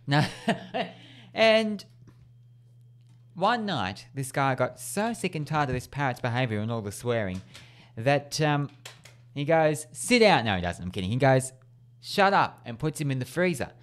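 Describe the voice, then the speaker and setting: A man's voice: mid-range voice, lively intonation, measured pace. A man hosting a radio show in casual chat, laughing often and stumbling over words. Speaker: radio host.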